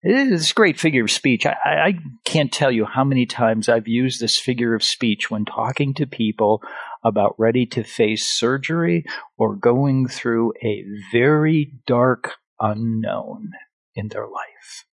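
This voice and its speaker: A man preaching a sermon with emphatic, deliberate delivery and swings in loudness. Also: mid-range voice, animated, vocal fry, no room sound. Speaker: pastor.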